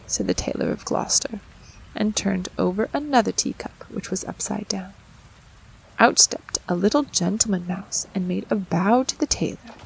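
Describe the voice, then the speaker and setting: Woman storybook narrator: gravelly, husky tone, expressive and playful with character sounds. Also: medium pitch, poor audio. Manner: expressive, acts out voices and sounds. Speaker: audiobook narrator. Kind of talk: storybook reading.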